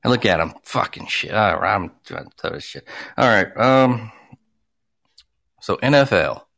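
A man's voice: lowish voice, lively intonation, unhurried, fairly bright tone, no room sound. Profane ranting guy talking sports. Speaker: sports podcast co-host. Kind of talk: casual sports chat.

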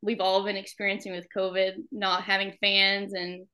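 A woman's voice: medium pitch, monotone, moderate pace, pushed and bright. A young woman from Alabama with a Southern accent, chatting casually as a podcast guest and laughing often. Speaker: podcast guest, hockey wife. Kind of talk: casual interview chat.

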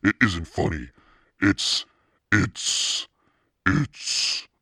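A man's voice: very deep voice, moderate pace, gravelly, a bit bright, slightly rough, no echo, clean studio sound, exaggerated voice. A man reading aloud and voicing an upset, easily scared schoolgirl in a raised, distressed voice.

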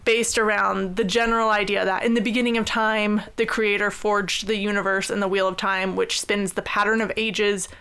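A woman's voice: medium pitch, vocal fry, bright, forceful tone, clean tone. A woman co-hosting a podcast, explaining at length in a casual, researched way with frequent "um"s and easy laughs. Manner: laughs often, measured explaining with fillers. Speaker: podcast co-host. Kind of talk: casual chat, researched storytelling.

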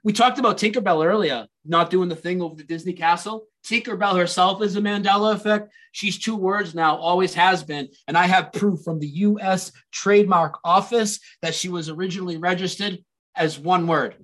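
A man's voice: high voice, normal speed, poor audio. A man as a guest in a casual conversation, eagerly telling stories and quoting movie lines. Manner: animated storytelling, quotes movie lines.

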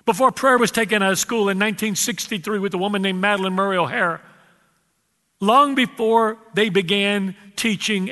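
High bright-voiced preacher man. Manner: preacherly, calls out to the congregation, drawn-out emphasis. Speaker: pastor. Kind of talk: sermon. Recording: reverberant hall.

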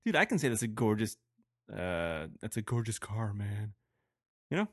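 A man's voice: fairly low pitch, sing-song, normal speed, no echo. Joking, foul-mouthed man, dry sound. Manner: joking, profane, teasing. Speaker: podcast co-host. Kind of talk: casual chat.

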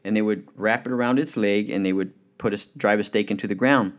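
A man preaching a sermon, telling illustrative stories and slowing down to stress the key points. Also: lowish voice, fairly even intonation. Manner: storytelling, emphatic, slows down on key points.

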